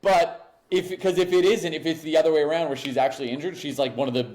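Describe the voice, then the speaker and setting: A man's voice: on the high side, fairly even intonation, quick pace, a little mellow. A man co-hosting a podcast in casual chat, blunt and opinionated, stressing his points emphatically. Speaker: podcast co-host.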